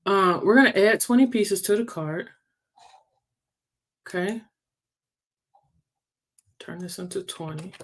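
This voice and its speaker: A woman leading a casual team livestream in an unhurried, drawn-out way. She chats and teases her team as she reads their answers. She thinks out loud while working through the numbers. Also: medium pitch. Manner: chatty, teasing, thinks aloud while working sums. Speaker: sales team leader.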